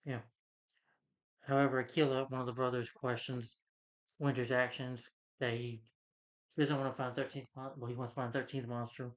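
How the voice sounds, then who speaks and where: A man's voice: mid-range voice, little pitch movement, normal speed, long pauses, muffled recording. Rambling man recapping a movie plot. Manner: rambling, loose retelling full of "you know". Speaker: film reviewer.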